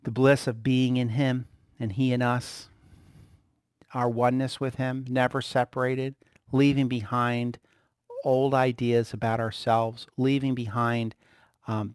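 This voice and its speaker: A man teaches a Christian lesson in a relaxed, conversational way with lively emphasis and frequent chuckles. His voice sits at an ordinary middle pitch. The recording is dry and close, with no room sound. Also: measured pace, dry recording. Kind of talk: informal spoken teaching.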